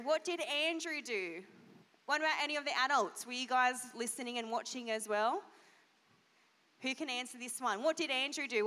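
A woman pastor giving an animated children's sermon, asking the kids questions. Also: on the high side. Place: church hall. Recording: long church hall reverb.

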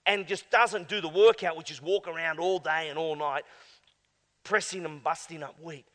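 A male pastor preaching emphatically, swinging between hushed asides and loud exclamations. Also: high voice. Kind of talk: sermon. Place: church. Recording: long church hall reverb.

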